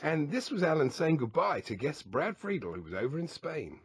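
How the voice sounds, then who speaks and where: A man's voice: on the high side, sing-song, moderate pace, husky. A man co-hosting a sports radio show, introducing clips and laughing along. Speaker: radio co-host. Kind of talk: jokey sports radio banter.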